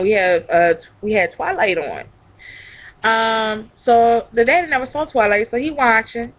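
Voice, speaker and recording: A young woman vlogger tells rambling stories in a casual vlog, chatty and drifting from one tangent to the next. Her voice is medium in pitch, and the recording is muffled.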